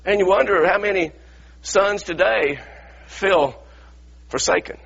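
A man's voice: high voice, unhurried, creaky, fairly bright tone, husky, dull audio. A male preacher delivering an impassioned sermon, retelling stories and voicing pleading sons. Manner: impassioned, acts out biblical voices.

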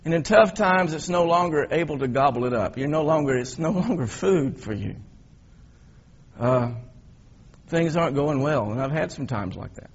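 A man preaching a sermon as a pastor, telling the story in an animated way and swinging between loud emphasis and quiet reflection. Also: on the high side, normal speed, breathy edge, lo-fi sound.

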